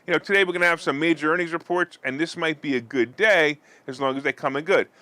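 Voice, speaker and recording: A man's voice: a little high, fast talker, bright, forceful tone, dry recording. A man hosting a finance and politics show, reading his commentary with sarcastic asides. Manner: sarcastic, mock-weeping theatrics. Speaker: host.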